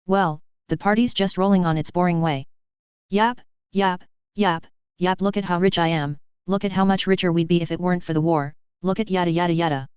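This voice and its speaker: A woman's voice: fairly low pitch, steady tone, fairly quick, a little mellow, smooth, dry recording, lo-fi sound, lightly acted. A woman reading aloud, voicing a drunken, foul-mouthed male elf bartender who rambles about his troubles. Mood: rambling. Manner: slurred, crude, grumbling rant.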